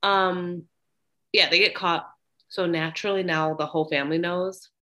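A woman's voice: fairly low pitch, steady tone, moderate pace, bright, forceful tone, muffled recording. A woman co-hosting a podcast, recapping a movie in casual chat, blunt and laughing often as she acts out the characters' lines. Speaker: podcast co-host.

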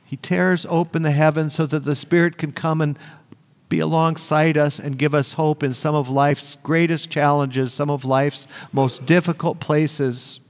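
A man's voice: a little high, steady tone, a little slow. A male pastor preaching a sermon, earnest and emphatic, repeating phrases for weight. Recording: long church reverb.

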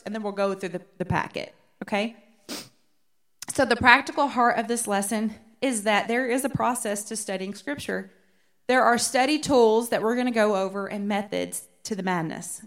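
A woman's voice: fairly high pitch, normal speed, a bit bright. A woman teaching a women's Bible study in a conversational way, often checking in with her listeners.

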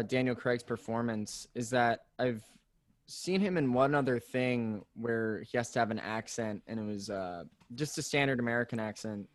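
A man co-hosting a casual podcast chat, relaxed and agreeable, often pausing on "uh" and "um". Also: mid-range voice, dry recording. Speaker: podcast co-host.

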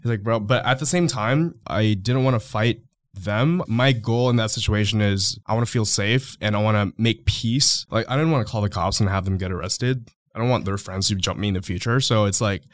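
A man's voice: on the low side, a little fast, dry recording. Man rambling through a story, dry close mic. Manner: rambling, filler-heavy, acts out quoted voices. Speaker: podcast guest. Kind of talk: casual storytelling.

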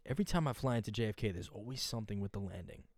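A young man, co-hosting a podcast, excitable and slangy, swearing as he reacts and tells stories. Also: lowish voice, very fast. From New York. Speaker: podcast co-host. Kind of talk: casual podcast chat.

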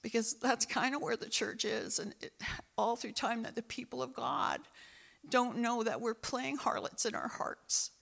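A woman's voice: a little high, a little slow, gravelly, fairly bright tone, breathy edge. A woman pastor preaching a sermon and praying, impassioned and repeating phrases for emphasis. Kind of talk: sermon with prayer.

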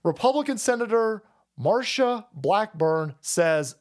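A man hosting a livestream, ranting and swearing, laughing often and swinging between shouting and muttering. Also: high voice, sing-song, moderate pace. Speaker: livestream host. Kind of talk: profane political rant.

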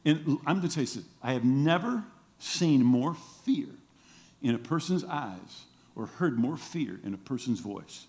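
Man, middle-aged, pastor, sermon, very lively pitch, animated storytelling. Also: moderate pace. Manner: animated storytelling, acts out quoted voices with big pitch jumps.

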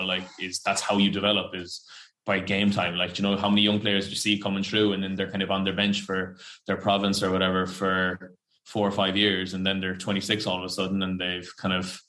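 A man's voice: low voice, completely flat delivery, fast, sharp tone. A young Irish man, a professional rugby player, chatting loosely in an interview with lots of fillers and the odd swear word. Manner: chatty and rambling, full of fillers and slang, swears freely. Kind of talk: casual podcast interview.

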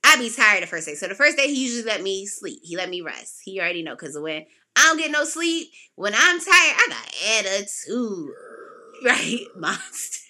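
A woman hosting a podcast, telling a personal story in a casual way and acting out what people said with sudden jumps in pitch. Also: moderate pace. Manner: animated, acts out quotes with big pitch jumps. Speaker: podcast host.

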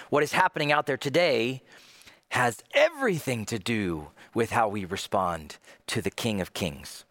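A man's voice: mid-range voice, very animated, moderate pace, fairly bright tone, no echo, clean studio sound. A male pastor preaching a sermon, dramatic, acting out the voices he quotes.

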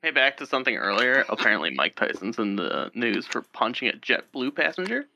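Lively bright-voiced podcast guest man. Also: a little fast, vocal fry. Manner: animated storyteller, swings pitch for effect. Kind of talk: casual podcast chat.

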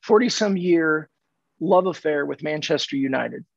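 Gravelly, husky-voiced man telling stories. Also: on the high side, measured pace, no room sound. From California. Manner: animated, acts out dialogue in anecdotes. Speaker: podcast guest, sales coach. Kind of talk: conversational storytelling. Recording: dull dry lo-fi audio.

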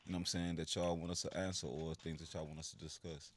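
A man's voice: rumbling low, level tone, fast talker, a little hiss or hum. Laid-back man co-hosting a podcast. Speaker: podcast co-host. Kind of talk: casual chat.

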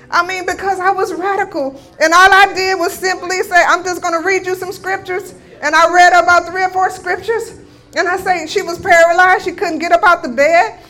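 A woman's voice: very high voice, fairly bright tone. A woman giving a sermon testimony, telling a healing story with emphatic declarations. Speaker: guest speaker.

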